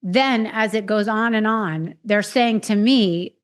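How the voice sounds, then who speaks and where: A woman's voice: mid-range voice, takes it slowly. A woman podcast host frankly recounting her own experiences, swearing freely and acting out what others said to her. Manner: frank, swears freely, retells with quoted voices. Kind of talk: candid personal storytelling.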